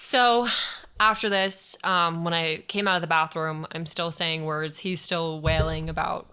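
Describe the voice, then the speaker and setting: Young woman guest, blunt storytelling with lots of swearing, bright forceful voice. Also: deep voice, fairly even intonation, measured pace, clear, resonant tone. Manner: frank, swears freely. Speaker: guest sharing her story. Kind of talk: candid personal storytelling.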